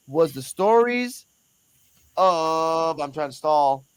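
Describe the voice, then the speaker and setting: A man's voice: on the high side, takes it slowly, pauses often, poor audio. A man hosting a show, telling a story casually and with lots of animation and swearing, and acting out the other people in it. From Puerto Rico. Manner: animated, profane, acts out the other people in his stories. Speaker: host.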